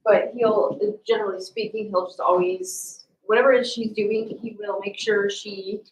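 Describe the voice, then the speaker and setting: A woman's voice: mid-range voice, fairly even intonation, normal speed, echoey room, recorded from a distance, poor audio. A woman who breeds dogs, chatting casually on a livestream at home and cooing at her dogs between explanations. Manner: chatty, explains with many ums, coos at the dogs. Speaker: dog breeder hosting a livestream. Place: home, among the puppies and dogs.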